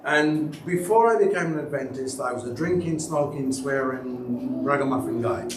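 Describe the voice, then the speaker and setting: A man's voice: moderate pace, slight background noise. A man, a church elder, preaching a sermon and telling stories that act out the people he quotes. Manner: storytelling, acts out quoted people with big pitch jumps. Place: church sanctuary. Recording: echoey church hall, mic at a distance.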